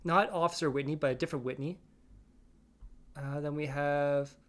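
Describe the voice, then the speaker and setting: An online drama commentator doing reaction commentary, reading chat comments aloud in a flat, weary way with exasperated asides. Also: mid-range voice, moderate pace, long pauses.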